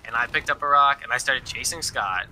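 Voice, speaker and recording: Young male storyteller, loose and rambling, bright voice, faint background noise. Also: mid-range voice, brisk. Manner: rambling, filler-heavy, quotes people. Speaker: storyteller guest. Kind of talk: casual storytelling.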